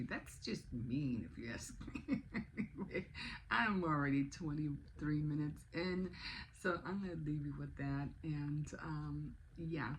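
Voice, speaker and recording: A woman's voice: sits low, a little slow, a little hiss or hum, rough recording. A woman in her sixties chatting casually in a vlog, rambling along with many restarts. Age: 60s. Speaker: vlogger. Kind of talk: casual chat.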